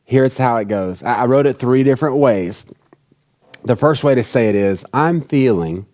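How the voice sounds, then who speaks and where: A man's voice: mid-range voice, normal speed, a little mellow. A man preaching a sermon in an earnest, conversational way, repeating key phrases for emphasis. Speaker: pastor.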